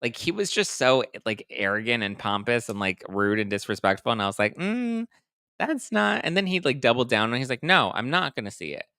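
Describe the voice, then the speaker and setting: A man in his thirties hosting a casual livestream, chatting quickly and reading viewer comments aloud. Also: mid-range voice, smooth, no echo, clean studio sound. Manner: chatty, animated, reads live chat aloud. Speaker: host.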